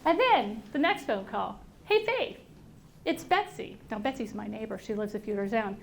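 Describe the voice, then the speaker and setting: A middle-aged woman speaking to an audience, telling a personal story in an animated way and acting out the voices of people she quotes. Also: medium pitch, fairly quick, creaky, a little hiss or hum. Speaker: invited speaker. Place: auditorium at a workplace event.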